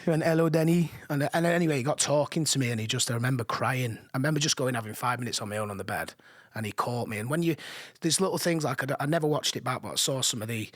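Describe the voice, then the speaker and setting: A man, a podcast guest telling animated stories with frequent laughs. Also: mid-range voice, fast. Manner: animated storytelling, laughs often. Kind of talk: casual chat. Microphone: studio mic.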